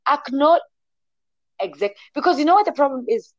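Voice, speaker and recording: A woman's voice: high-pitched, very animated, fast talker, darkish tone, no room sound. Passionate woman, dull dry recording. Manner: passionate and emphatic, mixes in local words. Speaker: podcast co-host and emotional health advocate. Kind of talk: casual discussion.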